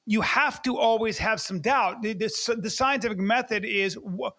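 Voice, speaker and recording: A middle-aged man hosts a casual podcast conversation in a high, bright voice. He talks with emphasis and loops back on repeated words before landing his point. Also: normal speed. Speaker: podcast host. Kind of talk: casual interview chat.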